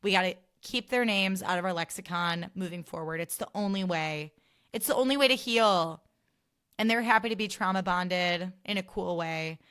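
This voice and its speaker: A woman's voice: on the low side, normal speed, hardly any pauses, a bit bright, clear, resonant tone. A woman hosting a casual solo podcast, chatting in a loose, filler-heavy way with sarcastic asides. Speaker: podcast host.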